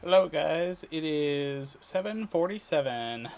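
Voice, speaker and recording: A man talking casually in a daily video diary, rambling and halting with many fillers, restarts and throat clearing. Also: on the high side, lively intonation, a little mellow, slight background noise. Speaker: vlogger. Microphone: computer recording setup.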